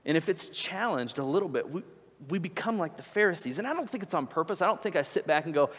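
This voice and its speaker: A young man preaching a sermon in a church, conversational and animated as he tells stories. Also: a little high, fast, big-room sound. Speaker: pastor. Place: church sanctuary.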